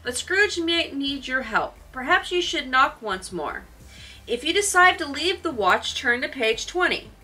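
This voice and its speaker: A woman co-hosting a podcast, reading a gamebook aloud in an animated way. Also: high voice, measured pace, recorded from a distance. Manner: animated storytelling. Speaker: podcast co-host.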